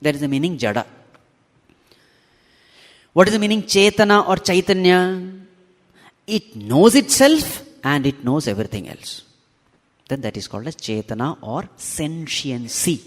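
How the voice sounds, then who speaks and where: A man's voice: fairly high pitch, big pitch swings, measured pace, pauses often. A man giving a spiritual discourse, asking the audience rhetorical questions and repeating key phrases for emphasis. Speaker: swami teaching scripture. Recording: long hall reverb.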